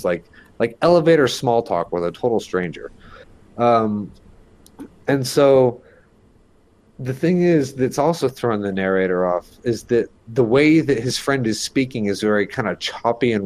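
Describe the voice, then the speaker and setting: A man telling a creepy story as a podcast guest, in a rambling, casual way full of fillers and the odd swear. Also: mid-range voice.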